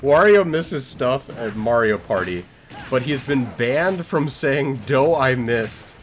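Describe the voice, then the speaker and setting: A man's voice: mid-range voice, measured pace, a little hiss or hum. A young man streaming, rambling through improvised silly stories with many fillers. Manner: rambling, filler-heavy, animated. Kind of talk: improvised storytelling to chat. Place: home streaming setup.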